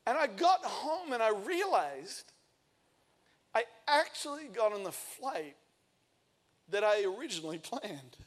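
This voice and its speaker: A man in his thirties preaching a sermon, telling a lively personal story and acting out the quoted lines. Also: high-pitched, measured pace, long pauses. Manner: energetic storytelling, acts out quotes. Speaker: pastor.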